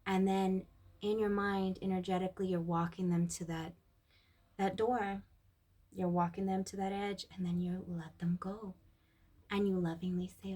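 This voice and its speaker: A woman sharing a personal reflection in a casual, heartfelt monologue, recorded on a phone. She speaks softly and often drops to a breathy near-whisper. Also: mid-range voice, flat delivery, moderate pace. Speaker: vlogger.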